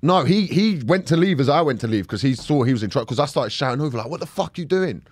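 A man's voice: medium pitch, quick pace, no echo, clean studio sound. A man telling anecdotes in a casual podcast chat, swearing freely and mimicking voices. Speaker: podcast co-host.

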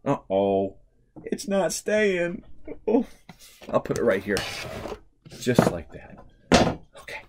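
A man teaching a remote preschool lesson, playful and animated, swinging from hushed to excited. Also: fairly high pitch, unhurried, long pauses, heavy background noise.

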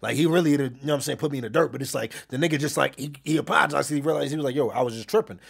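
A man telling a story in casual chat as a streamer being interviewed, swinging from quiet recounting to loud shouting. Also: a little high, rapid-fire, creaky, slightly rough.

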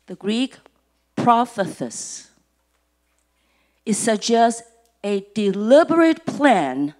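A woman preaching a sermon at a church service, deliberate and emphatic, repeating key words and letting her phrase ends sink almost to a whisper. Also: mid-range voice, darkish tone. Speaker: church speaker.

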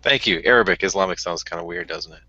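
A man's voice: deep voice, fast talker, bright, forceful tone, no echo. A man co-hosting a podcast, joking around in casual banter and laughing often. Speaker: podcast co-host. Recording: dull lo-fi podcast audio.

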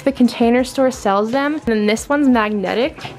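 A woman's voice: on the high side, moderate pace, darkish tone. A young woman, a college freshman, chatting casually and enthusiastically as she vlogs unpacking in her dorm room, often saying "literally" and "like.". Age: young adult. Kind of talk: casual vlog narration. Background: music playing in the room.

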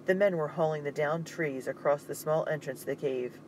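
A man narrating an audiobook in a steady, suspenseful reading. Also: fairly high pitch, fairly quick, slight background noise, low-quality recording.

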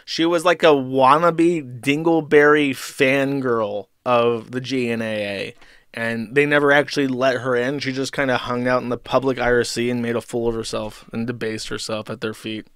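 A man's voice: mid-range voice, level tone, normal speed, a bit bright, smooth, no echo, studio quality. A man hosting a stream, reading posts aloud and mocking them with sarcastic, profane commentary. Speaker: streamer host.

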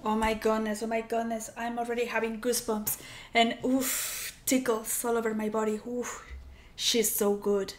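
A woman's voice: on the high side, level tone, normal speed. A woman hosting a reaction video, talking casually and gushing with emotional exclamations as she watches.

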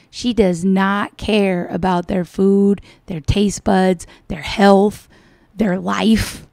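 A woman's voice: medium pitch, little pitch movement, slow, creaky, darkish tone, no room sound, clean studio sound. A woman hosting reaction commentary, mocking and scolding in a sarcastic way. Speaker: commentary channel host.

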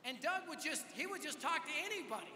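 A man preaching at a conference, telling a story with energetic, dramatic swings from loud to hushed. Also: very high voice, fast, a little hiss or hum. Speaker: conference speaker. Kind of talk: storytelling sermon. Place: large hall. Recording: echoey hall with long reverb.

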